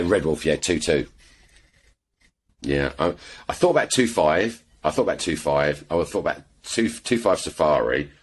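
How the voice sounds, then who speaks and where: A British man from England, an airgun shooter appearing as a podcast guest, chats casually and tells rambling stories full of restarts and asides. His voice is extremely low, with slight background noise.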